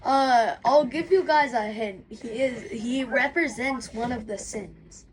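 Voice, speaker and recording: A woman's voice: a little high, takes it slowly. A woman co-hosting a casual chat, playful and giggly, drawing out her words. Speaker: co-host.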